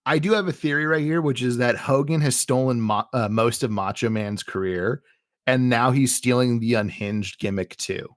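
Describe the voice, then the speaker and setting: A man co-hosting a podcast in casual chat, retelling scenes in an animated way with frequent laughter. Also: mid-range voice, normal speed, no room sound, clean studio sound. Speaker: podcast co-host.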